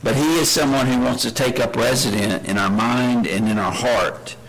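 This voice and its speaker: A man's voice: medium pitch, normal speed, a bit bright, poor audio. A man preaching a sermon, earnest, asking his listeners questions and reading scripture aloud with rising emphasis. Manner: earnest, asks the congregation many questions.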